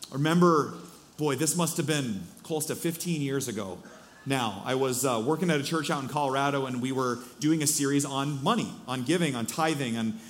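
A man's voice: mid-range voice, normal speed. A male pastor preaching a sermon in a church, speaking conversationally with many fillers and restarts.

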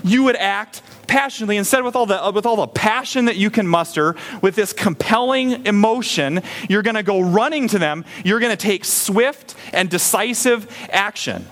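A man's voice: high-pitched, normal speed, few pauses, fairly bright tone. A man preaching a sermon in a conversational way, acting out little scenes with a raised voice. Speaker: pastor.

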